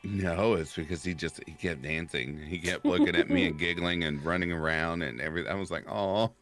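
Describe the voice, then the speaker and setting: A man's voice: sits low, steady tone, brisk, a bit bright, soft background music. A man guesting on a casual stream chat who tells stories and laughs often. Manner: chatty storyteller, laughs often. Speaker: podcast guest.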